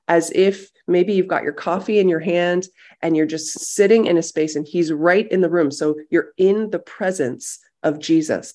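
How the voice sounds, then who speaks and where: Gravelly-voiced pastor leading quiet prayer. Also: medium pitch. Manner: gentle, slow, reflective. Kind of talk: sermon with guided silent prayer and scripture reading. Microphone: video call.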